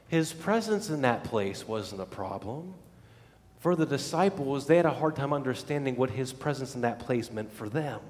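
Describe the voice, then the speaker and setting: A man preaching a sermon as pastor, dramatic, dropping to hushed low lines and then rising to loud exclamations. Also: expressive, normal speed, big-room sound.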